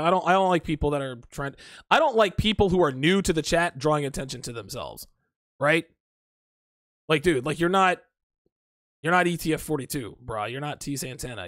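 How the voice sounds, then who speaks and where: A man's voice: on the high side, fairly bright tone, dry recording, studio quality. A grown man hosting a casual livestream, reading chat comments aloud and answering them bluntly and profanely, often laughing. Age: adult.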